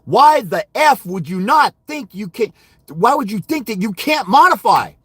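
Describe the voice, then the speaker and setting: A man's voice: sits high, very animated, measured pace, fairly bright tone, slightly rough, no echo. A man hosting a fathers' rights livestream, telling a story about a client in a heated, profane, insulting rant. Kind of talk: angry monologue recounting a client call.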